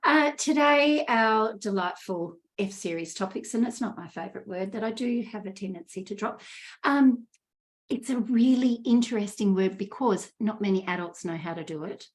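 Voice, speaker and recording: A woman's voice: medium pitch, normal speed, darkish tone. A woman co-hosting a casual podcast, speaking in a bubbly, enthusiastic way. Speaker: podcast co-host, love coach.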